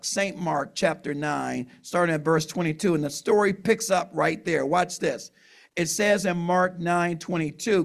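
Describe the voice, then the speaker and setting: A man's voice: fairly high pitch, vocal fry. A man preaching a conversational sermon, reading scripture aloud and explaining it with asides. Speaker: pastor.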